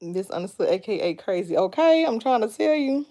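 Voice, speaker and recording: Young woman on her phone live, chatty and animated, talkin to viewers like friends. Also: mid-range voice, a little fast. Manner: baby talk to her little son. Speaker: livestream host. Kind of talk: casual livestream chat.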